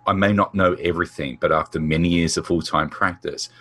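A man's voice: sits low, fairly even intonation, brisk, fairly bright tone. A man hosting a podcast interview, listening attentively and affirming his guest. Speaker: podcast host.

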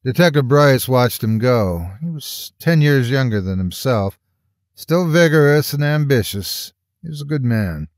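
A man reading a horror story aloud as a scripted narration in a measured storytelling manner, close to the mic. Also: dry recording. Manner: measured storytelling with lively pitch swings.

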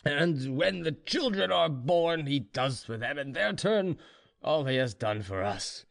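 A man's voice: fairly high pitch, animated, a little slow, creaky. A man voicing a boastful, contented male serf who is drinking brandy, speaking in an easygoing, smug way.

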